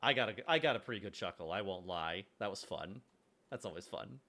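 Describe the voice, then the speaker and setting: A man's voice: fairly low pitch, lively intonation, a little fast, creaky, bright, forceful tone. A man casually chatting on a live stream while building a game level, laid-back and chuckling.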